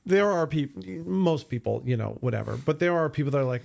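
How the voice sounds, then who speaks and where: A man's voice: medium pitch, animated, a little fast, vocal fry, a little mellow. A man hosting a podcast interview, asking questions in a joking, teasing way. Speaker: podcast host.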